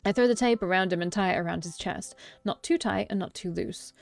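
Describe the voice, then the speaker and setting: A woman's voice: mid-range voice, fairly quick, vocal fry, faint music behind. A young woman reading a visual novel aloud as its narrator, often breaking off into joking, cursing asides and self-corrections. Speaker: let's play streamer.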